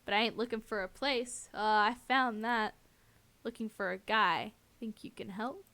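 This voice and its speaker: A woman voicing a sweetly threatening male stalker who speaks in a slow, lazy drawl. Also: fairly high pitch, fairly even intonation, bright, forceful tone. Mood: sweetly menacing.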